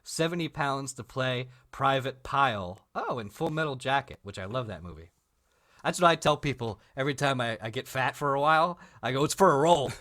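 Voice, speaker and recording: A man's voice: mid-range voice, a bit bright. An American man co-hosting a comedy podcast, chatting casually, cracking jokes, laughing often and slipping into silly voices. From United States. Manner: jokey, laughs a lot, slips into silly character voices. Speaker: podcast co-host.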